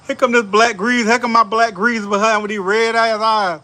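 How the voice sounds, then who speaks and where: A man hosting a casual show, telling stories in an animated, laughing, slangy way, outdoors on a back porch. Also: high-pitched, normal speed. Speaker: show host. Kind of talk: casual storytelling chat.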